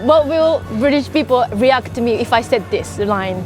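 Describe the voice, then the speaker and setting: A young woman speaking English as a second language, eager and giggly, with halting phrasing. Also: a little high, lively intonation, over music. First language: Japanese. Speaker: guest. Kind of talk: casual chat.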